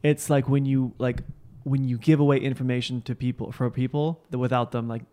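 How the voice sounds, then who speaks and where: A man's voice: mid-range voice, level tone, fairly quick, dark tone. A young man from California hosting a casual podcast, teasing his co-hosts with playful smugness. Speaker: podcast host and editor.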